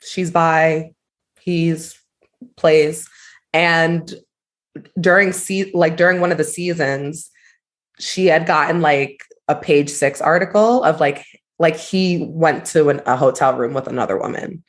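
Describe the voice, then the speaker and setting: A woman co-hosting a podcast, chatting in a gossipy, animated way and saying "like" a lot. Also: deep voice, slow. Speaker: podcast co-host. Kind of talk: casual chat.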